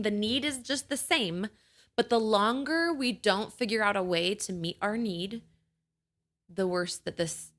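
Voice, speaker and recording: A woman's voice: on the low side, a bit bright. A young adult woman hosting a podcast, talking casually and reassuringly to new mothers, often checking in with "right?". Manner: conversational, reassuring, lots of "like" and "right?". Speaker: podcast host. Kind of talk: casual explanatory talk to mothers.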